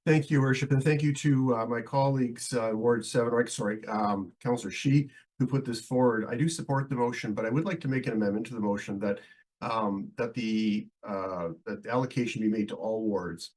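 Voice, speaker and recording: A man with a bad head cold argues his point before a town council, his voice husky and worn thin. He stumbles and restarts often, filling gaps with hesitations as he pushes through the speech. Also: medium pitch, a little mellow, rough recording. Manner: halting, many fillers and restarts. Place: council meeting.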